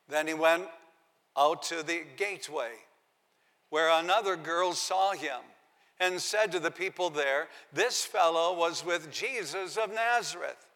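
A man's voice: a little high, a little slow, bright, forceful tone, big-room sound. A man preaching a sermon, reading scripture aloud and giving the quoted lines dramatic emphasis. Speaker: pastor.

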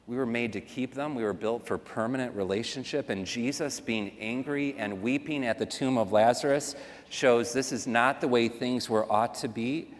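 A man preaches to a congregation in an earnest, conversational way, turning aside now and then to speak to the people in the pews. His mid-pitched voice rings out with a long reverb from a church sanctuary. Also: normal speed. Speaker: pastor. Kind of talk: sermon. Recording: long reverb of a large hall.

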